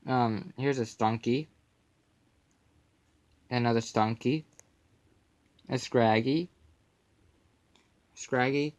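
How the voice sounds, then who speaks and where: A man's voice: medium pitch, drawn-out words, long pauses. A young man casually commenting on his card collection, slipping goofy puns and mumbled asides in between.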